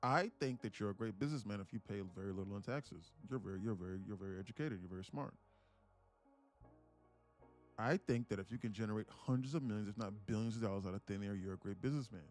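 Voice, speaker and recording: A man talking to his live-stream audience in a rambling, excitable way, repeating himself and swearing. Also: fairly low pitch, fast, soft background music. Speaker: day trading streamer. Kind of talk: casual live-stream commentary.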